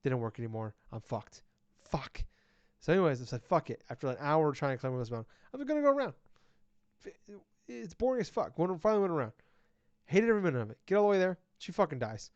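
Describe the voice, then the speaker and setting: A man's voice: mid-range voice, fast. A podcast co-host chatting loosely, who keeps swearing as he builds into frustrated rants. His voice sits in a middle range and sounds dull and lo-fi, with no room echo at all. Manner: profane, animated ranting. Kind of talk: casual chat. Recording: dull lo-fi recording.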